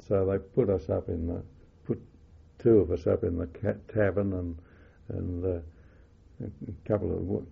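Gravelly older man reminiscing. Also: deep voice, steady tone. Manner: halting, many fillers and self-corrections. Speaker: interviewee. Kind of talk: oral history recollection. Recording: muffled phone-like lo-fi audio.

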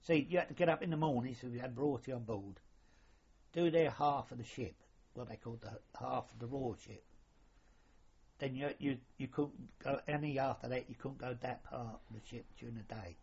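In a gravelly, darkish mid-range voice with a breathy edge, an older man talks fairly quickly about his time as a sailor on the royal yacht. The interview is rambling and colloquial with light swearing, and the recording sounds lo-fi and dull.

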